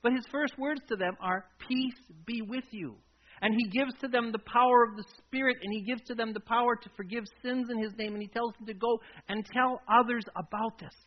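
A man preaches a sermon in a high, light voice. He tells the story with drama, swinging between loud emphasis and hushed, intimate lines. The recording sounds dull and lo-fi. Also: steady tone, fairly quick, few pauses. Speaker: pastor.

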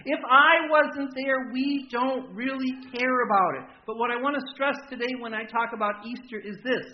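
A man preaching a sermon as a pastor, telling the story dramatically and swinging between loud emphasis and a near-hush. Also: very high-pitched, normal speed. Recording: dull lo-fi recording.

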